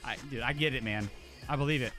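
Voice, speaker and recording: Field: voice. Value: bright-voiced southern man rambling casually. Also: medium pitch, quick pace, soft background music. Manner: rambling, self-deprecating, full of "like" and "dude". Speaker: game streamer. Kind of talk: casual stream chat.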